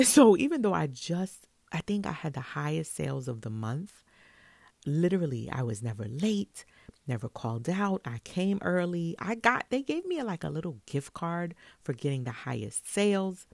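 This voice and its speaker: Gravelly, animated New woman. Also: deep voice, normal speed, dry recording. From Brooklyn, New York. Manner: animated, expressive, laughs often. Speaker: hairstylist. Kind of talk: casual storytelling monologue.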